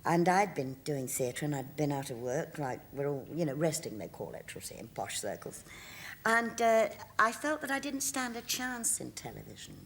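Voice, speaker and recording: This sixty-something woman sits in a TV studio as a talk show guest, spinning chatty stories and often breaking into laughter. She talks at a normal speed in a low-set voice with big swings in pitch.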